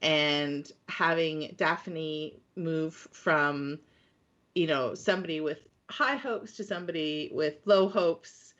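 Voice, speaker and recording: A woman's voice: low voice, slow pace, a bit bright. A woman co-hosting a podcast, talking things through in a thoughtful, analytical way. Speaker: podcast co-host. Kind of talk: casual chat. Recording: dull lo-fi mic.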